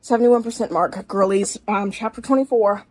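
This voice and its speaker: A woman book vlogger talking casually to camera, excitable and dramatic, ranting with swearing. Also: medium pitch, moderate pace, dry recording, poor audio. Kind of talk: casual reading vlog.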